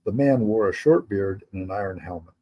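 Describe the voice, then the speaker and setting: A man, the author, reading his historical fantasy novel aloud in steady, measured narration. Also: on the low side, lo-fi sound.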